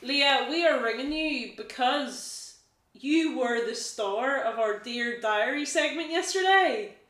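A woman hosts a casual radio show, upbeat and quick to giggle. Her voice is bright and slightly raised in pitch. The studio sounds roomy, with a noticeable echo. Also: animated. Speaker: host.

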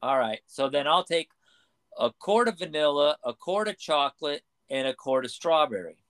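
A man's voice: fairly high pitch, expressive, normal speed, a bit bright. A man voicing a muddled, insistent woman ordering ice cream in a told joke.

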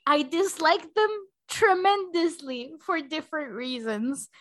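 High-voiced woman ranting about a movie. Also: measured pace. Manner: animated, profane, switching between English and Spanish. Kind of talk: casual movie review chat.

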